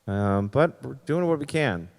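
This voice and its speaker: A man's voice: mid-range voice, animated, a little slow, gravelly, big-room sound. A man hosting his weekly comedy-music livestream from home, rambling in a self-deprecating way with crude jokes. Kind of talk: casual livestream banter. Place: home, streaming.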